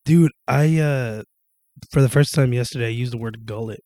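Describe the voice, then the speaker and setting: A young man in casual chat, swearing freely, animated and quick to break into joking impressions. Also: medium pitch.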